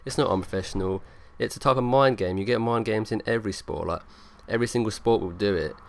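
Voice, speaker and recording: A man's voice: on the low side, fast talker, gravelly. A young man rambling through casual gameplay commentary, leaning on lots of fillers. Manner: rambling, filler-heavy, talks over gameplay. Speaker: gaming YouTuber.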